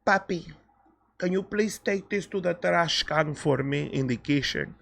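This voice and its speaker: A weary mother asks for a small chore in a soft, low, tired voice, as a man puts her on. It sits below his usual high register. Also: measured pace, vocal fry, full character voice.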